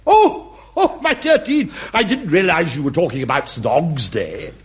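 A flustered bishop, his husky voice leaping wildly up and down as he stammers and exclaims. The recording is dull and lo-fi. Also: on the high side, very animated, moderate pace, heavily acted. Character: fussy flustered male bishop, middle-aged. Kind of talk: British sitcom acting.

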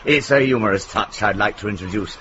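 A pompous, earnest teacher. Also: male voice, on the low side, a little fast, bright, forceful tone. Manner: earnest, pompous, fussy joke-teller. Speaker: schoolteacher. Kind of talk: television comedy-drama acting. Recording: dull lo-fi TV sound, faint hiss.

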